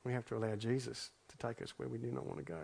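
A man's voice: mid-range voice, animated, very fast, creaky, a little mellow, husky. A man preaching a sermon, reading scripture aloud and then reflecting on it in an earnest way, often repeating his phrases for emphasis. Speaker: pastor.

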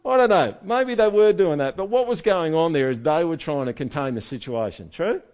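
A man preaching a conversational sermon with lively asides. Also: fairly high pitch, normal speed. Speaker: pastor.

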